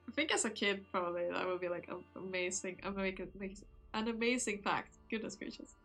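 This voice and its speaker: A woman's voice: medium pitch, steady tone, brisk, few pauses, pushed and bright, faint music behind. A woman streamer chatting casually with her viewers while reading a game aloud, sleepy and yawning, chatty and giggly. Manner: chatty and giggly, talking to chat. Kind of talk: casual chat while reading a visual novel.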